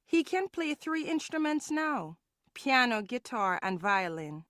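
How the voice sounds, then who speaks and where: A friendly woman with a Caribbean English accent, chatting with an old acquaintance. She speaks slowly and a little high, with a dry, close recording. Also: sing-song, a bit bright, no room sound. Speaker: textbook dialogue character. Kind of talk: scripted textbook audio dialogue.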